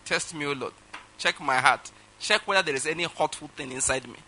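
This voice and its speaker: A man with a Nigerian English accent preaching a sermon, telling a personal story with sudden swings between loud and soft delivery. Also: fairly high pitch, fairly quick, a little hiss or hum. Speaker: pastor.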